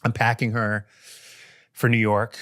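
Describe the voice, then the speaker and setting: A man's voice: lowish voice, a little slow, dry recording, studio quality. A man telling a story as a guest on a casual chat show, swearing freely and acting out every beat. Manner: profane, animated storyteller.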